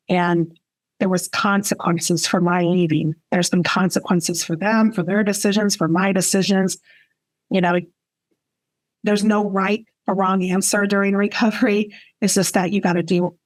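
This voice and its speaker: A middle-aged woman sharing her recovery story in a personal testimony talk, earnest and reflective, often repeating phrases for emphasis. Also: mid-range voice.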